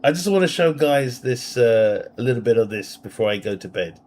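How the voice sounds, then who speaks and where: A man's voice: mid-range voice, expressive, brisk, a little mellow. A man doing casual livestream commentary on a strategy game from his bedroom. He reads viewer questions aloud, rambles, and laughs at his own jokes. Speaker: game streamer. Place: home bedroom.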